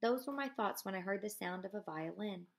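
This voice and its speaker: A woman teacher reads a novel aloud at a measured pace and breaks off for casual asides to her students. Her mid-range voice has a gravelly, creaky texture. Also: medium pitch, lively intonation. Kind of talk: reading a novel aloud with comments.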